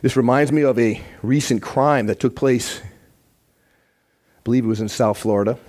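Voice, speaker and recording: Man, sermon, earnest and emphatic, warm mellow voice. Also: mid-range voice, a little slow. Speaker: church teacher.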